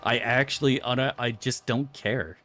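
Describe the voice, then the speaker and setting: A man's voice: mid-range voice, steady tone, unhurried, fairly bright tone, soft background music. A man chatting casually on a live game stream, crude and profane, rambling through asides to his chat.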